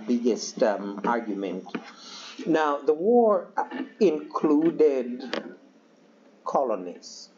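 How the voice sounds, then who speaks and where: A man's voice: medium pitch, mellow, highs cut off. A man giving a loose, conversational history lecture, full of fillers and acted-out asides. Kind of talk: recorded classroom lecture.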